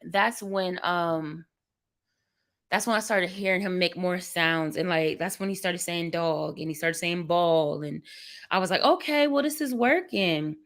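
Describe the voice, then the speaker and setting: A woman's voice: fairly low pitch, fairly even intonation, a little slow. A young woman hosting a livestream from her bedroom, talking candidly and emotionally to her viewers about feeling tired and overwhelmed with a baby. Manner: candid, rambling, emotional venting. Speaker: livestream vlogger. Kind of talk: casual chat to viewers. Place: bedroom at home.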